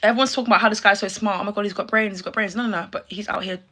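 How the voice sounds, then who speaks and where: A young woman riffing through a reaction video, with a bright, forceful voice. She is sassy and quick to exclaim, and talks to her viewers like friends. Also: medium pitch, steady tone. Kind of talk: casual reaction commentary.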